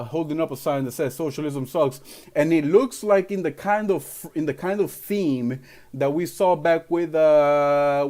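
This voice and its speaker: A man's voice: a little high, darkish tone. A man from Venezuela, hosting a ranting political livestream in an emphatic, rambling way with lots of fillers.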